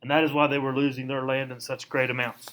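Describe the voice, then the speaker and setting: A man's voice: medium pitch, flat delivery, quick pace, a bit bright, poor audio. A man teaching a recorded history lesson, lecturing in a casual, conversational way with slangy asides.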